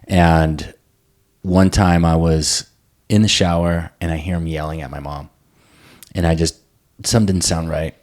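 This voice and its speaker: Deep-voiced man, earnest and reflective. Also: steady tone, unhurried, pauses often, darkish tone. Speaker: host. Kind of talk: reflective conversation.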